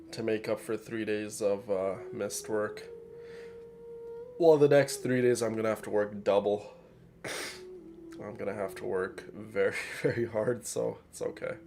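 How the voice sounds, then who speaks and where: Brief: a sick, nasal male streamer rambling to viewers, low and gravelly. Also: darkish tone, a little hiss or hum. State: sick, congested. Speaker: gaming streamer. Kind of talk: casual let's play commentary.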